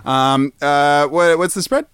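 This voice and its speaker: A man's voice: fairly high pitch, slow pace, a bit bright, clear, resonant tone, no echo, clean studio sound. A man co-hosting a comedy podcast, riffing playfully and breaking into silly sounds. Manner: playful, jumps into silly voices and animal noises. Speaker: podcast co-host. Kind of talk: improvised comedy chat.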